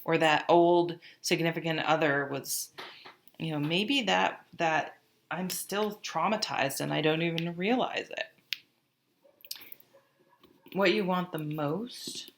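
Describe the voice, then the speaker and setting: A woman's voice: low-pitched, slow, long pauses, slight background noise. A woman giving a casual, chatty tarot reading to camera, rambling and often breaking off mid-sentence. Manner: chatty, rambling, self-interrupting. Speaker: tarot reader.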